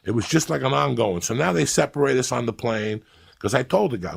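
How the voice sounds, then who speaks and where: A man's voice: mid-range voice, fairly quick, vocal fry, husky. A middle-aged man telling blunt, profane stories in casual podcast chat, acting out what he said. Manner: profane, blunt and animated, acting out his own quotes. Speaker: storyteller on a podcast.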